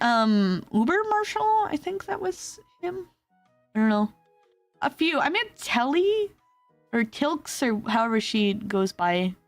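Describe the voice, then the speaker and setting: Young woman streamer, highish voice, very lively, casual storyteller, faint music behind. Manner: animated, laughs often, acts out quotes in high squeals. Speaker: VTuber streamer.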